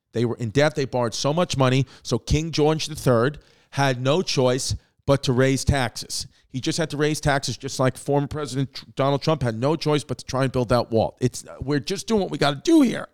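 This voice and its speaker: A man's voice: mid-range voice, normal speed, a little mellow. A man hosting a comedic history show, brash and profane, rambling through jokes and asides. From Brooklyn, New York.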